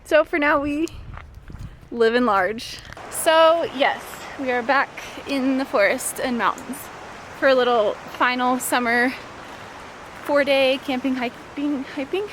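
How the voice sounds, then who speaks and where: A chatty, rambling woman in her late twenties with a bright, high voice talks casually to a handheld camera. She is outdoors at a campsite, and steady outdoor noise sits clearly under her voice throughout. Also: a little slow, poor audio. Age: late 20s. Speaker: vlogger. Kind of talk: casual vlog chat.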